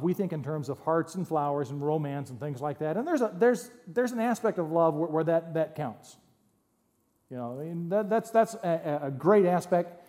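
Heard through long hall reverb, a pastor with a fairly high-pitched, a little mellow voice addresses his congregation. His sermon is humorous and conversational, sprinkled with jokes and side remarks.

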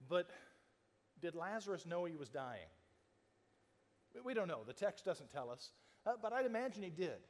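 A man's voice: high-pitched, very animated, normal speed, pauses often, long reverb tail. A man preaching a sermon as a pastor, telling the story conversationally and acting out the quoted lines, with frequent restarts.

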